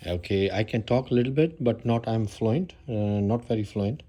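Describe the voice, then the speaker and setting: A man from Pakistan with a Pakistani accent, hosting a casual home vlog in halting English full of fillers and restarts. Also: lowish voice, warm tone. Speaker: YouTube channel host.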